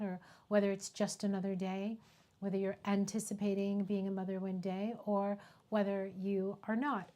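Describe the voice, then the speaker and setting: A middle-aged woman who works as a photographer, speaking on a casual live stream in a heartfelt way, pausing often and fighting back tears. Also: medium pitch, warm tone. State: tearful.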